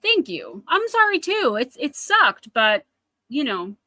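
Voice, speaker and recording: Bright-voiced New Jersey woman reading oracle cards. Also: high voice, very animated, slow, dry recording. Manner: chatty, speaks directly to viewers by name. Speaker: oracle card reader. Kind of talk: live oracle card reading.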